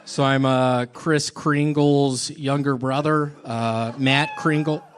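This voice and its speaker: Slow deadpan man on a club stage. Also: medium pitch, some chatter behind, a little hiss or hum. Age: 30s. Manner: slow, halting deadpan delivery with odd pauses. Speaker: comedian. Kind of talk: deadpan stand-up set.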